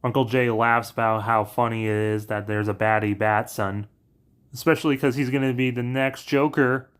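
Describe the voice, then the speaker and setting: A man with a mid-range voice talking through a story recap. His telling is casual, brisk and offhand, like someone chatting ideas to viewers. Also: mid-range voice, fairly even intonation, fairly bright tone, clear, resonant tone. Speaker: narrator pitching story ideas. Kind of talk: casual plot recap narration.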